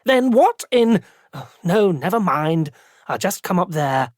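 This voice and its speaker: A narrator voicing an excitable male opera director who talks brashly and shouts. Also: high-pitched, unhurried, no room sound, clean studio sound. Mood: exasperated.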